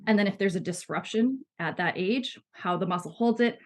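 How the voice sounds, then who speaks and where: A woman's voice: medium pitch, brisk. A woman in her thirties talking casually as a podcast guest, chatty, with frequent laughs and fillers. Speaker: guest, body psychotherapy student.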